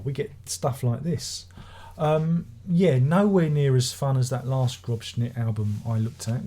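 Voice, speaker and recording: A man's voice: mid-range voice, mellow. Sardonic, sweary man reviewing records. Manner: sardonic, swearing, rambling with restarts. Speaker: music reviewer. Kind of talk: casual spoken album review.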